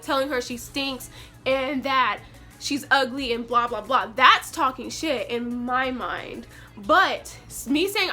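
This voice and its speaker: A young woman telling a story in a casual, brash way, swearing freely and animated. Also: high voice. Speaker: vlogger.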